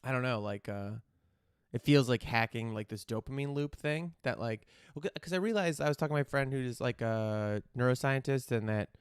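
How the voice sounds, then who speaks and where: A man's voice: medium pitch, moderate pace, clean tone, dry recording, studio quality. A man hosting a podcast, chatting in a rambling, candid way and swearing casually. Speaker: podcast host. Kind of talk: casual chat.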